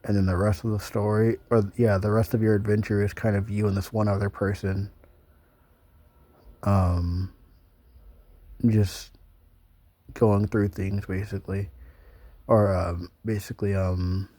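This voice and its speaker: A man's voice: fairly low pitch, flat delivery, unhurried, long pauses, warm tone, no room sound. A young man talking in a loose, meandering casual monologue, full of ums and offhand swearing. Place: small room, flipping through notebook pages.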